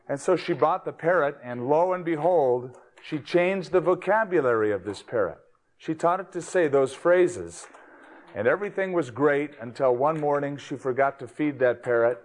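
A man's voice: fairly high pitch, moderate pace. A man preaching a sermon, opening with a joke in an easygoing, folksy storytelling manner. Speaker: pastor.

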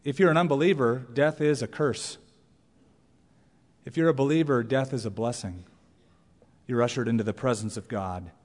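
A man preaching a sermon as pastor, animated, with playful asides and mock voices. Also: medium pitch, moderate pace, pauses often. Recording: long church reverb.

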